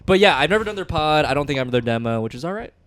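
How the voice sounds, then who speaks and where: A man's voice: a little high, animated, rapid-fire, a bit bright. Laughing man co-hosting a podcast. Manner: laughs often, jokey and self-mocking. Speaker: podcast co-host. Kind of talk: casual chat.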